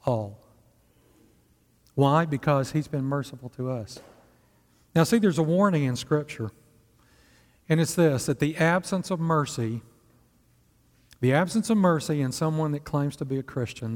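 A man's voice: fairly high pitch, darkish tone. A male pastor preaching a sermon in a conversational way, asking the congregation rhetorical questions. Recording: long hall reverb.

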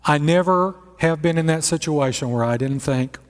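A man in his sixties, a pastor preaching a sermon in a lively, conversational storytelling manner. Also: fairly high pitch, moderate pace, few pauses. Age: 60s. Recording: echoey hall.

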